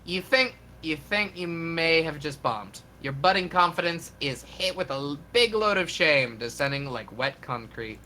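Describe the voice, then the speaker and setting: A streamer reading a game's narration aloud in a lively live stream, with comic emphasis. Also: mid-range voice, unhurried, hardly any pauses, a little hiss or hum.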